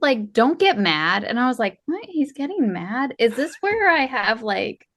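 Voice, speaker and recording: A woman co-hosting a podcast, chatting casually in a loud and blunt way. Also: fairly high pitch, very animated, a little slow. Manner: loud, blunt, self-described angry. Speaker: podcast co-host. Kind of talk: casual chat.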